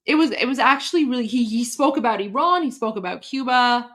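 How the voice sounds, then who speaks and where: A woman hosts a casual live stream in a high, bright-pitched voice. She talks with open emotion and rambles, cutting herself off and starting again mid-thought. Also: expressive, fairly quick. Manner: emotional, rambling, breaks off and restarts often. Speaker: livestream host.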